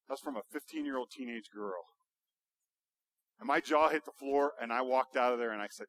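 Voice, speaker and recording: A male pastor preaching a sermon, building to loud, emphatic rhetorical questions. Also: medium pitch, fairly quick, dry recording.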